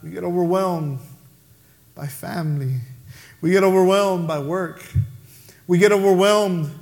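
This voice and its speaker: A male pastor delivering a sermon, emphatic and rising to shouts on key phrases, with casual asides to the congregation. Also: high-pitched.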